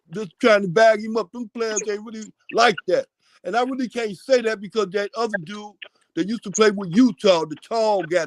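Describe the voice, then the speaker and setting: A man calling into a casual sports chat, rambling and repeating his shout-outs. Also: high voice, dry recording. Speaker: caller.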